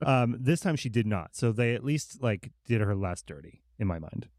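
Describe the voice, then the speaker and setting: A man hosting a podcast, recapping movies in casual chat with quick laughing asides. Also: lowish voice, animated, a little mellow, no echo, studio quality. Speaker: podcast host.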